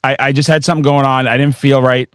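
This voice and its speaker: A man hosting a podcast, chatting casually and excitedly with a rambling flow. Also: mid-range voice, fast talker, dry recording, clean studio sound. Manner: excitable, rambling, with bursts of laughter. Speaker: podcast host. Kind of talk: casual interview chat.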